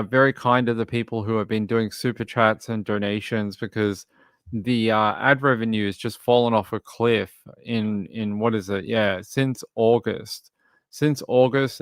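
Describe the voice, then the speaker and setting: A man's voice: medium pitch, dry recording. Australian man hosting a livestream. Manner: rambling, reads news aloud then chats to viewers. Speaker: true crime livestream host. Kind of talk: casual livestream commentary.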